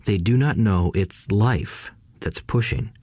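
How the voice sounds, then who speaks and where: A man voicing a calm, quiet older businessman who lectures a boy in an unhurried way, in an audiobook reading. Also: fairly low pitch, slightly rough, dry recording, clean studio sound, exaggerated voice. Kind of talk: audiobook character voice.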